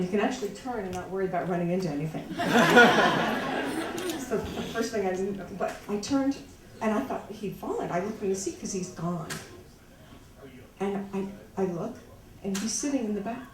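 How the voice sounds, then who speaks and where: A woman telling a personal story live on stage, halting with restarts and wry, laughing asides. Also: mid-range voice. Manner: halting, many restarts and fillers. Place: small live venue. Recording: echoey, far-off room mic.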